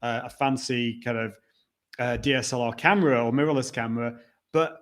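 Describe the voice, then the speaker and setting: A man with a mid-range voice talks a little fast while hosting a live stream. He chats casually with a guest, restarts his sentences, and reads out comments from viewers.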